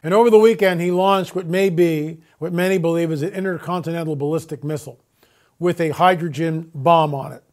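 A man's voice: fairly high pitch, fairly even intonation, brisk, darkish tone. A man hosting a radio talk show, speaking emphatically with repetitions and rhetorical questions. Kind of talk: casual monologue on air.

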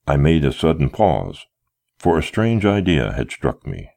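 Male audiobook narrator, very low voice, expressive first-person storytelling. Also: measured pace, vocal fry. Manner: expressive storytelling, wide melodic swings.

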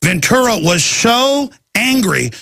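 A man hosting a talk radio show, telling stories in a fired-up, emphatic rant with a gravelly, raspy voice. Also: very high-pitched, very animated, slow, pushed and bright, no echo. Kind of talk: ranting talk radio monologue.

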